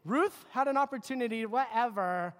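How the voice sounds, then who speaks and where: Animated youth preacher in a big hall. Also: mid-range voice, moderate pace. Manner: animated, joking, mocks teen habits. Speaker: youth pastor. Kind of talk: youth sermon with slides. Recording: long hall reverb.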